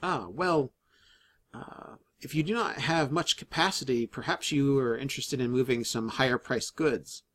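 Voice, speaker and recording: Halting male game master narrating. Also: medium pitch, fairly bright tone, slight background noise. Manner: halting, many fillers and restarts.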